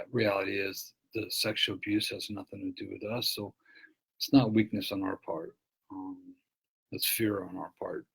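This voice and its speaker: An earnest man gives a reflective talk, his low voice gravelly and a little husky. He often restarts and repeats his words as he speaks. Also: rough recording. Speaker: author and abuse-recovery speaker.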